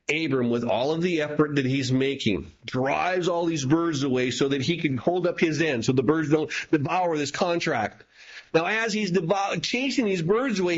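Man preaching, dull lo-fi recording. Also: on the high side. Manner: teaching, reads scripture aloud and explains with rhetorical questions. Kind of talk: sermon.

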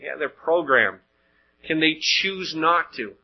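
Male preacher, husky voice, conversational sermon full of rhetorical questions; muffled lo-fi recording. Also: fairly high pitch, lively intonation, slow pace. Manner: conversational, rhetorical questions, frequent word repeats.

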